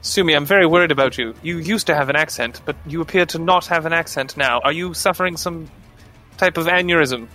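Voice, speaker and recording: A man who is a player in a tabletop game, speaking with wry, deadpan humor. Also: fairly high pitch, brisk, soft background music. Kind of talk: tabletop role-play.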